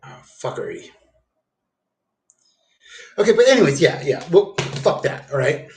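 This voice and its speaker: A man's voice: fairly high pitch, huge pitch swings, a little slow, vocal fry, a little mellow, a little hiss or hum. A man rambling and swearing through a meandering livestream monologue at home. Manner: rambling, profane, meandering with fillers.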